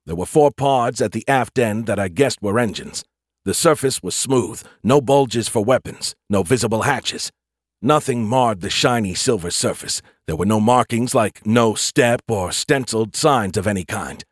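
A man reading a sci-fi audiobook in a measured, wry first-person narration. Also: on the low side, husky, dry recording, clean studio sound.

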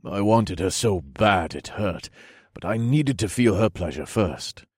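Man with a really deep husky voice reading a story, slow and low, dry close mic. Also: animated, no echo. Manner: slow, low and intimate delivery. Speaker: narrator. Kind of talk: first-person erotic fantasy story reading.

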